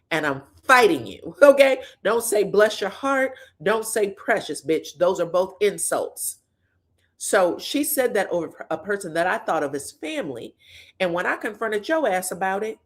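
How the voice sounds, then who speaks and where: A woman host in casual, chatty commentary, retelling reality TV drama in blunt slang with frequent swearing. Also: medium pitch. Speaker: pop culture commentator.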